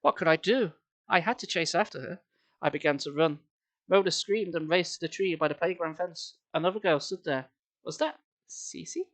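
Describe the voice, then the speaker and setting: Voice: mid-range voice, moderate pace, a bit bright. A streamer reads a children's horror book aloud on a live stream. The delivery is dry and sarcastic. It is recorded on a headset mic.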